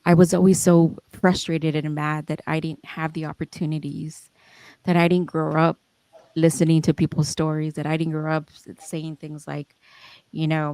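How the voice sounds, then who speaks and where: A woman's voice: low voice, flat delivery, normal speed, dark tone, no echo. A young adult woman, the founder and host of a podcast, talking in a candid and emotional way with many restarts and fillers, swearing now and then. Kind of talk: reflective casual talk.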